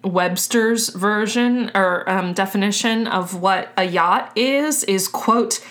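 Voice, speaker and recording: A woman's voice: medium pitch, takes it slowly, few pauses, a bit bright. A woman co-hosting a podcast in casual chat, chatty, with frequent fillers and laughs. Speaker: podcast co-host.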